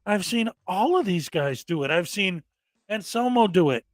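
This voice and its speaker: A man's voice: sits high, animated, normal speed, no room sound. A man hosting a reaction commentary show, talking in an exasperated, mocking rant and often mimicking people angrily. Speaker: commentary host.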